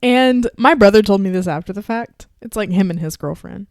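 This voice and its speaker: A young woman from Texas co-hosts a podcast and tells family stories in a loose, chatty way, full of fillers and laughter. Her voice is smooth and clear, at a middle pitch. The sound is dry and close. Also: fairly quick, dry recording. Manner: chatty storyteller, laughs often, lots of fillers. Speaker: podcast co-host. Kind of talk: casual chat.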